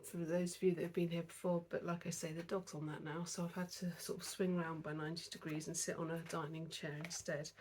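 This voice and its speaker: A woman with a cold, a bit out of breath, chatting casually about her cross stitch at home, rambling with lots of fillers. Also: fairly low pitch. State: out of breath, getting over a cold. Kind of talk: casual chat. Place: indoors at home, seated on a dining chair.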